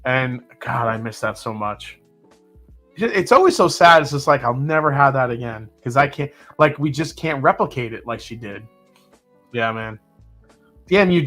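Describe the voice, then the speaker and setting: A man's voice: medium pitch, normal speed, faint music behind. A man hosting a live whiskey tasting, chatting casually and reading out viewer comments. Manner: relaxed, chatty, with fillers and sips. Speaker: whiskey livestream host.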